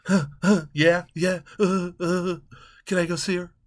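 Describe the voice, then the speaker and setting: A man's voice: sits high, level tone, no room sound, clean studio sound. A man voicing a dazed husband at a hospital who stammers through every sentence without taking anything in. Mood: oblivious. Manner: stammering, halting, oblivious.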